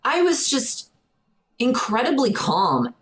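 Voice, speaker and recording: Very animated yet slow-paced, a young adult woman with a fairly high voice co-hosts a podcast. She tells a story in a casual chat, acting out quotes in a raised voice, and the recording is rough.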